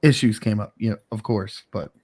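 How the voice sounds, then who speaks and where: A man's voice: fairly low pitch, brisk, a little mellow, breathy edge. A man hosting a casual livestream chat, telling a story in a rambling, laid-back way with lots of fillers. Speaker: streamer host.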